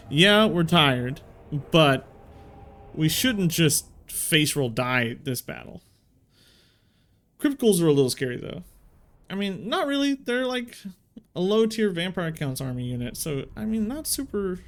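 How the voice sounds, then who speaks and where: A man hosting a strategy game let's play, thinking aloud as he plays and talking in casual slang. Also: a little high. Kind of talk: video game commentary.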